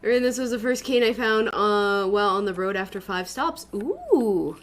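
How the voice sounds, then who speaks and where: A woman's voice: medium pitch, animated, moderate pace. A woman streamer chatting casually to her live audience, loose and sweary, often laughing.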